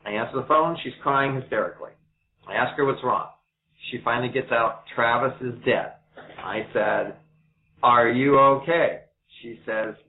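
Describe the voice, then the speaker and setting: A man answering interview questions, telling stories briskly and acting out the quoted dialogue. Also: mid-range voice, slight background noise. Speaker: interview guest. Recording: tinny phone-like audio.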